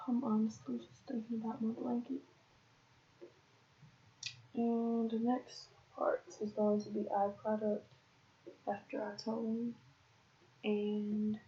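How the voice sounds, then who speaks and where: A woman's voice: fairly high pitch, little pitch movement, slow, long pauses, muffled recording, slight background noise. A woman talking casually to herself during her skincare routine, muttering and chatty. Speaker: vlogger.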